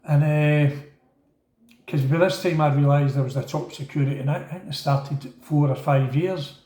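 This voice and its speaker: In an echoey room, a middle-aged man with a Glaswegian Scottish accent tells a casual, rambling story at normal speed, his voice on the high side. He's animated and acts out the voices of the other people he quotes.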